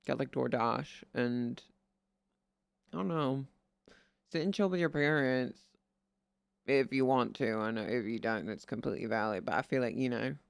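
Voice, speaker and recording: A man's voice: mid-range voice, gravelly, smooth, no echo. A man streaming and chatting casually, rambling and swearing as he gives friendly advice in a playful put-on Southern drawl. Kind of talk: casual chat.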